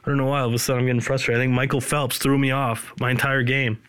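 A man from Canada, hosting a podcast in a rambling, deadpan, self-deprecating way. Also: mid-range voice, rapid-fire, clear, resonant tone. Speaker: podcast host. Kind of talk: casual solo podcast monologue.

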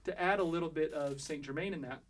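A man's voice: a little high, quick pace. A man co-hosting a casual podcast, explaining cocktail recipes step by step with lots of fillers and restarts. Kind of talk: casual chat.

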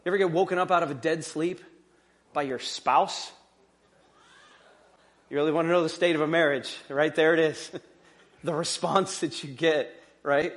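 High-voiced man preaching a casual sermon. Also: fairly even intonation, moderate pace, long pauses. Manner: conversational, with rhetorical questions and joking asides. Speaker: pastor.

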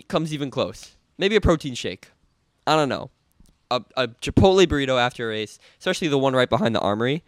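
A man's voice: medium pitch, lively intonation, fast, dry recording, clean studio sound. A young man co-hosting a running podcast, telling stories in a laid-back, rambling way. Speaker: podcast co-host. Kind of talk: casual chat.

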